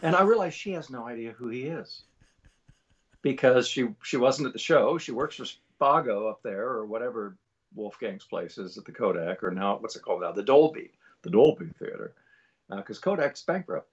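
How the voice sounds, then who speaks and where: A man's voice: medium pitch, lively intonation, normal speed, husky, lo-fi sound. A man, a voice actor guest, telling an anecdote in a rambling way. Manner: rambling, with many fillers and restarts. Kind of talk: storytelling anecdote.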